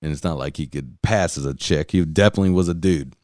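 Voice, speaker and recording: A man's voice: a bass voice, quick pace, darkish tone, dry recording, studio quality. A man hosting a podcast, ranting casually and profanely, rambling with many fillers and restarts. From California. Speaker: podcast host. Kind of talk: casual rant.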